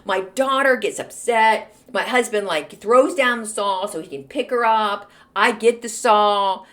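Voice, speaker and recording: A woman in her forties hosting a podcast, telling a story in a snarky, animated way. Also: medium pitch, measured pace. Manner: snarky, animated, acts out quoted voices. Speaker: podcast host. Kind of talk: casual storytelling monologue.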